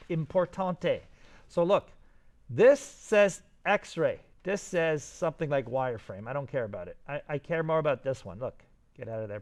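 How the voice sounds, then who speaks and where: A man teaching his students a software lesson while recording his screen, narrating each click with enthusiasm and asides. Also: a little high.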